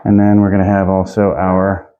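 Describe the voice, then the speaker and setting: A man's voice: low-pitched, monotone, moderate pace, highs cut off. A man teaching an informal Greek class, chatty and loose, laughing and hunting for his notes as he goes.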